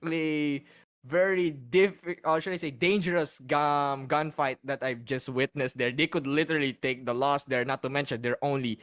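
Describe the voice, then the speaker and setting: A man's voice: medium pitch, steady tone, normal speed, fairly bright tone. A man co-casting an esports match, rambling and hedging as he breaks down plays. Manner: rambling, hedging, laughing with his co-caster. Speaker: shoutcaster. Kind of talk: esports color commentary.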